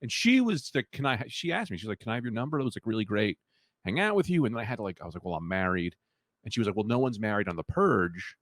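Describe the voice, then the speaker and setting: A man co-hosting a comedy podcast, telling a rambling, deadpan story with quoted voices. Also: lowish voice, fast, no echo, studio quality. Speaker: podcast co-host.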